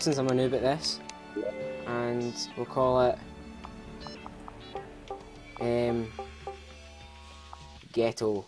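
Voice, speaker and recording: A man's voice: medium pitch, level tone, slow pace, long pauses, a little mellow. A young Scottish man chatters his way through a video game in a loose, rambling commentary. He mocks himself, laughs often and swears freely, with a middling voice and game music playing behind him. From Scotland. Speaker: let's play host. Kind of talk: casual gameplay commentary.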